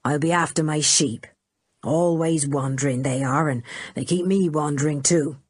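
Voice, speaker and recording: A woman voicing an old male shepherd who gives slow, rustic warnings in a storybook reading. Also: low voice, darkish tone, slightly rough. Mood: ominous.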